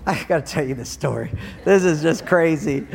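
Animated preacher in a reverberant hall. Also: male voice, normal speed, gravelly, slight background noise. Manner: animated storytelling, acting out voices with big pitch jumps. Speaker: pastor. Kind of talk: sermon.

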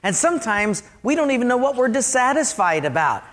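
Preacher guy giving a sermon, high voice, pitch all over the place, emphatic. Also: a little fast, hardly any pauses. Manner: animated, emphatic, questioning the congregation. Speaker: pastor.

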